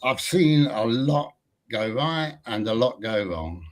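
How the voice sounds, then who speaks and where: An older man, a former franchisee, speaking as a guest in a live debate, relaxed and self-deprecating. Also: mid-range voice, slow. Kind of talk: casual live debate talk.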